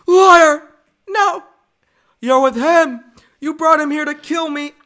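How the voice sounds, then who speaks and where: A man voicing an angry, volatile teenage Jedi, shouting strained accusations. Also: high voice, expressive, a little slow, smooth, voice pushed up. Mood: furious.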